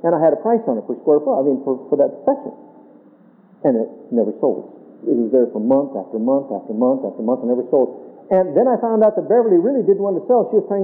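Older male pastor, high lively voice, storytelling sermon; thin phone-like radio sound with a long hall echo. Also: quick pace. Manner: storytelling, acts out dialogue with lively pitch swings. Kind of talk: sermon with personal stories. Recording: tinny phone-like radio broadcast in a reverberant hall.

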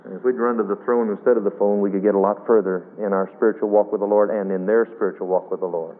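A man's voice: lowish voice, fairly even intonation, fast talker. A male preacher delivering a sermon in an emphatic storytelling way, asking the congregation questions. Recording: tinny radio broadcast.

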